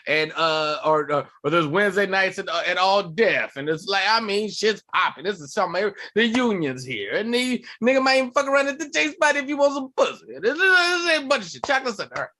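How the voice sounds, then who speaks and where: A man, a comedian and podcast co-host, telling animated, profane stories in casual chat. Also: sits high, brisk, few pauses.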